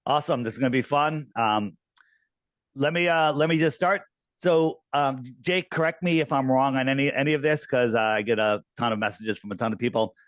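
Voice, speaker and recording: A man's voice: mid-range voice, brisk, fairly bright tone, dry recording. A man in a casual online debate, teasing and laughing loosely.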